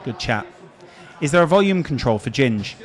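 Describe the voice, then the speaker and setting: A man's voice: mid-range voice, sing-song, moderate pace. A man with a Scouse accent hosting a casual live stream, chatting and answering viewer questions. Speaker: streamer host.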